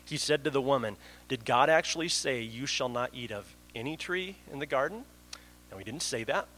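A man's voice: medium pitch, animated, moderate pace, fairly bright tone, poor audio. Earnest man preaching over faint hum. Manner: earnest, with frequent restarts and fillers. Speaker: pastor. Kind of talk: sermon.

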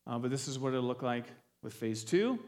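A pastor delivering a sermon in a church, talking loosely with restarts and fillers and an earnest tone. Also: male voice, medium pitch, big pitch swings, a little fast, darkish tone, long reverb tail. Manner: earnest, gets emotional near the end.

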